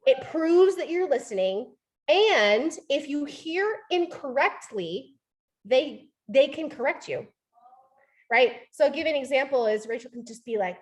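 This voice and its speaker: A young adult woman with a high voice leads a live sales training session. She talks in a chatty, informal way, leaning on "like" and "right?". She slips into short acted lines to show how a customer might talk. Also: animated, measured pace. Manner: frequent "like" and "right?" fillers.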